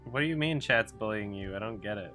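A male streamer with a fairly low voice chats loosely over his gameplay. He makes crude jokes and laughs as he answers his viewers. Game music plays behind him. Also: animated, fast, pushed and bright. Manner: joking, crude, laughing asides to chat. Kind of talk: casual gameplay commentary.

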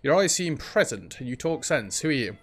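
A man's voice: mid-range voice, sing-song, brisk, soft background music, lightly acted. A man voicing a mine keeper from a game, reading the lines aloud in a bargaining tone. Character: gruff male mine keeper guarding an entrance.

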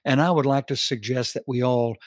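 A man teaching a Bible study on a podcast, reading scripture slowly with emphatic stress. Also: medium pitch, steady tone, no echo, studio quality.

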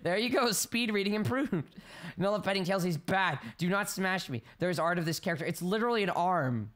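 A man doing excitable let's play commentary, shrieking high in panic, then rambling, joking and reading game text aloud. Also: a little fast. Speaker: gameplay streamer. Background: game music.

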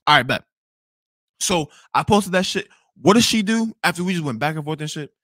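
Fast, animated young man ranting. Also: a little high, dry recording, clean studio sound. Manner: animated, swearing, repeats himself when angry. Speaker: podcast host telling a story. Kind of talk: profane storytelling rant.

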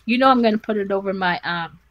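A woman's voice: mid-range voice, fast, muffled recording. A woman vlogging from her bedroom as she unboxes a craft parcel, gushing with gasps and exclamations. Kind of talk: casual unboxing vlog. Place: at home in a bedroom.

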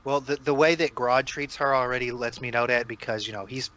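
A man's voice: mid-range voice, fairly even intonation, a little fast, sharp tone. A man playing in a tabletop game, chatting casually and easygoing, laughing often. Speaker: player.

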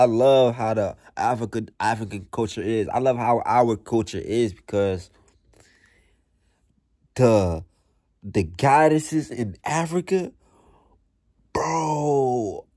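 A man's voice: medium pitch, measured pace, darkish tone, no echo, studio quality. A young man vlogging in a blunt, profane, slang-heavy motivational rant that repeats itself.

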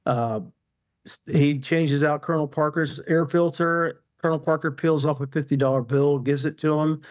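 A man's voice: on the high side, fairly even intonation, moderate pace, no room sound, clean studio sound. A male author, a guest in an interview, telling a long anecdote casually with many fillers and restarts.

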